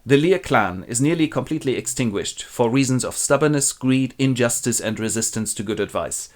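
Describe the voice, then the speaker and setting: A man hosting and narrating a comic retelling of a classic play, with wry, deadpan asides. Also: medium pitch, brisk. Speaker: host and narrator.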